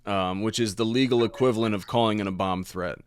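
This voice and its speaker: A stand-up comedian from Ohio, guesting on a podcast, tells a story in a laid-back, profane way and laughs between lines. His voice is fairly low and he speaks fast.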